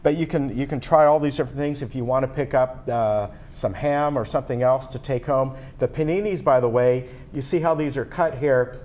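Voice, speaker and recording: A man's voice: mid-range voice, fairly quick, few pauses, a little mellow. A man hosting a local television show, chatting upbeat and promotional with a guest. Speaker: TV show host. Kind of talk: local TV interview chat.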